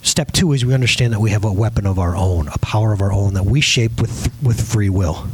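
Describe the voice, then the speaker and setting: A man in his thirties preaching a sermon to a congregation, emphatic and animated, firing questions at the crowd. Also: lowish voice, a little fast, breathy edge. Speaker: pastor. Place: church service before a live audience.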